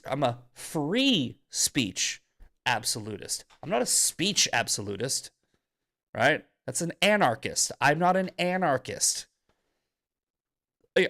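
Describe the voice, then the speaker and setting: A man's voice: a little high, a bit bright. A male podcast host giving heated, profane commentary in an angry ranting manner.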